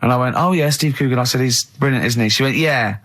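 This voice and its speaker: A man, hosting a radio show with teasing, animated banter and long stories. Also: medium pitch, fast. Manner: teasing, mocking, animated storyteller. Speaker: radio host. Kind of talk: casual studio banter. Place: radio studio.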